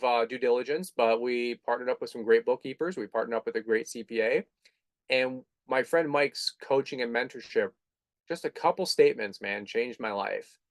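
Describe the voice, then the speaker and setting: A middle-aged man, a lawn care business owner, talking candidly as a podcast guest, self-deprecating and animated when he quotes others. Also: mid-range voice, no echo. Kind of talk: conversational interview storytelling.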